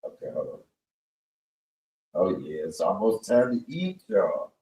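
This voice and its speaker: A man's voice: sits low, very animated, unhurried, dark tone, low-quality recording. A middle-aged man, telling stories on a home cooking livestream, chatty and laughing. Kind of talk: casual storytelling while cooking.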